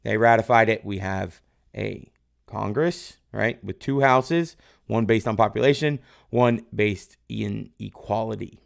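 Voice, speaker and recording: Male teacher, low gravelly voice, casual live review lesson, keeps quizzing the class and praising answers. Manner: quizzes viewers and praises their answers from chat; loose, rambling, tag questions like "right?". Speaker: history teacher.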